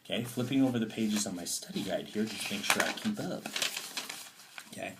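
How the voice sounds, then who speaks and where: A man teaching a recorded history lesson, lively and talky, now and then dropping to a playful whisper. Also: fairly low pitch, a little fast, heavy background noise. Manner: lively, dips into playful whispers and mock quotes.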